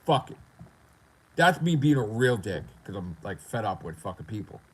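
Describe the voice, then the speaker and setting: A man's voice: lowish voice, very animated, normal speed, a little hiss or hum, rough recording. A man talking casually on his gaming livestream in a profane, boastful, rambling way. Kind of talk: casual live-stream rant.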